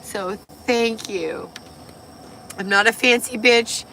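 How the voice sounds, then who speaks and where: A woman hosting a casual livestream, a little tipsy and hoarse, gushing and swearing as she reads viewer comments. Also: on the high side, takes it slowly, sharp tone, slight background noise. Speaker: livestream host.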